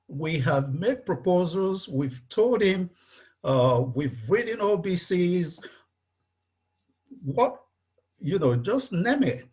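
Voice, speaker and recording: Slow, blunt man. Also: a little high, a little mellow. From Nigeria. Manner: blunt, emphatic, repeats his points. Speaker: webinar participant, engineer. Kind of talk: video call discussion. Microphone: video call.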